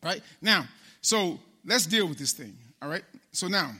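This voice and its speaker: A man preaching a casual sermon in a church, talking straight to the congregation and calling people by name, then slowing down to read scripture aloud. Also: high-pitched, expressive, bright, forceful tone, slightly rough. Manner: conversational, addresses congregation by name, slows for scripture. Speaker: pastor.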